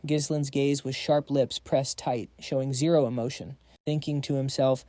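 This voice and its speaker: A man's voice: mid-range voice, little pitch movement, moderate pace, few pauses, mellow, no echo, clean studio sound. A man giving a scripted, casual and slangy narration of a comic story. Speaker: recap narrator.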